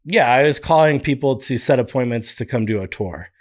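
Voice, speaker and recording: Man, podcast guest, lively storyteller, mid-pitched voice, quick impressions. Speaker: podcast guest, business founder. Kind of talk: casual storytelling interview.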